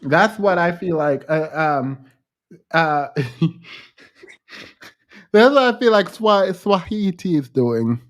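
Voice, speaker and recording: A man's voice: high-pitched, animated, takes it slowly, long pauses. A man co-hosting a podcast, pressing his co-host with teasing, probing questions in casual chat.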